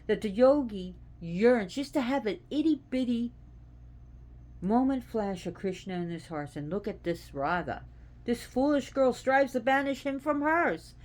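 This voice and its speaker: A woman hosting a casual devotional talk, speaking in an earnest, animated, conversational way. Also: fairly high pitch, measured pace. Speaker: host.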